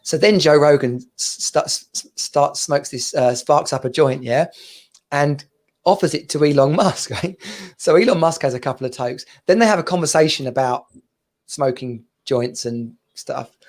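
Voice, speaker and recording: Man, thirties, casual podcast co-host, slightly high voice, lively storytelling, laughs often. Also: normal speed. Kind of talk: casual chat.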